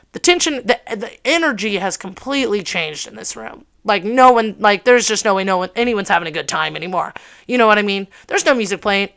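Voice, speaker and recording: A woman in her early twenties telling a personal story in a casual, animated way, full of swearing and filler words. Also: medium pitch. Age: early 20s.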